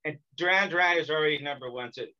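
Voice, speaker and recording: Bright, teasing American man hosting. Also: fairly high pitch, racing, muffled recording. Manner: joking, teasing, energetic. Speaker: podcast host. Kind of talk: casual interview chat.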